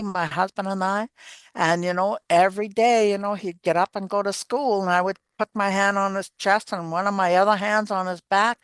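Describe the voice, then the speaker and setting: An older woman, an elder, gently teaching and telling stories in an unhurried way, repeating her phrases. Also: medium pitch, smooth, no echo. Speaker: elder and storyteller. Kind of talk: spoken teaching and storytelling.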